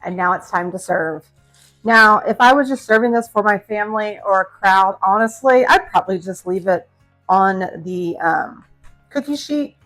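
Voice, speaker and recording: A woman's voice: medium pitch, a bit bright. A middle-aged woman hosting a casual cooking demonstration in her home kitchen, chatty and upbeat, talking to her viewers. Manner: chatty, upbeat, addresses viewers as guys and friends. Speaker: cooking channel host.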